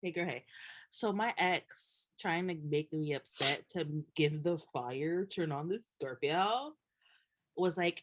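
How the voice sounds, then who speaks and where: A young woman co-hosting a podcast in casual chat, emphatic and animated, laughing often as she rants. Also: low-pitched, normal speed. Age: young adult. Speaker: podcast co-host.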